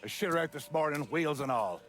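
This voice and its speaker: An actor with a Belfast Irish accent playing a foul-mouthed, blunt Irish crime boss in a video game, with music behind. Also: male voice, fairly high pitch, expressive, brisk, natural voice. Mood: gruff, scheming. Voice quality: heavy profanity, blunt.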